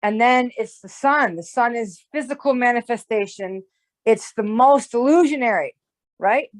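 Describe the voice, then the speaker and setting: An astrologer guest with a slightly high voice speaks at normal speed in a casual conversation. She explains her ideas at length, rambling, restarting, and frequently checking in with "right?".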